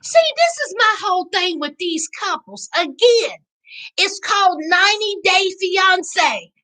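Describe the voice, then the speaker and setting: A woman with a Southern US accent hosts a casual live recap, answering chat in a sassy, animated way. Her voice sits very high. It sounds bright and forceful. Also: unhurried, low-quality recording. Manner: sassy, animated, calls viewers child and honey. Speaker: livestream host reading chat.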